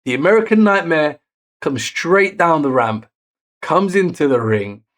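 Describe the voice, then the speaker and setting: Man, wrestling recap host, higher register, unhurried delivery, excitable on big moments, self-correcting. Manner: self-correcting, picks words as he goes. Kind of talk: casual recap narration.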